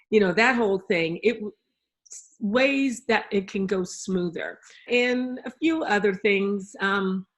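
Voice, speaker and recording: A woman guest in a casual conversation, telling stories in an enthusiastic, animated way. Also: mid-range voice.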